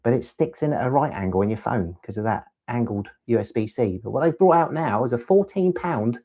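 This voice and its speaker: A chatty man rambles through a live stream, answering viewers' questions and drifting from topic to topic. His voice sits at an ordinary middle pitch and he talks in a loose, easy way. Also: lively intonation, a little fast, mellow. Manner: rambling, chatty, reads chat aloud. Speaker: LEGO channel host. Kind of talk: casual live-stream chat.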